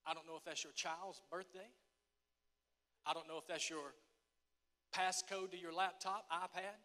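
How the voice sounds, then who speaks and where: A male pastor preaching a sermon, emphatic and repetitive, swinging from shouting to hushed tones. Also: high voice, fairly even intonation, moderate pace. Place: church sanctuary. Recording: echoey church hall.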